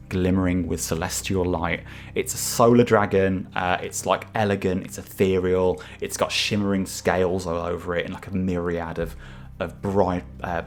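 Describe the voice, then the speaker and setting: A man narrating as game master of a tabletop game, with hesitant, filler-heavy description. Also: low-pitched.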